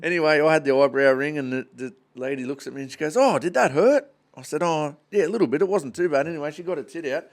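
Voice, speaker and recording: An Australian man hosting a podcast, telling animated stories in a casual chat. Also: on the high side, fast talker, hardly any pauses. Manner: lively, animated storyteller. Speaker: podcast host.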